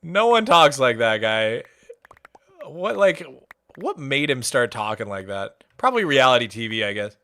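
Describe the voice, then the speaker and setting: A young man streaming a game, chatting casually and answering his audience with animated, jokey energy. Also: medium pitch, a little slow. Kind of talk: casual chat while playing a game.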